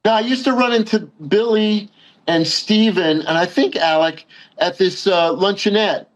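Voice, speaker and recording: A middle-aged man from Long Island, a guest in casual chat, talking haltingly with many fillers and agreeing warmly. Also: high-pitched, poor audio. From Long Island, New York.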